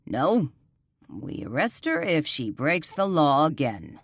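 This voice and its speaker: A woman narrator voicing a calm, authoritative male police chief with a measured delivery. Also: low-pitched, dry recording, clean studio sound, full character voice.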